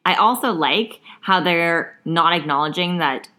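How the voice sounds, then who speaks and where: A woman's voice: lowish voice, a little slow, sharp tone. A young adult woman speaking frankly and bluntly in a casual podcast chat, laughing easily. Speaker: sex worker, podcast co-host.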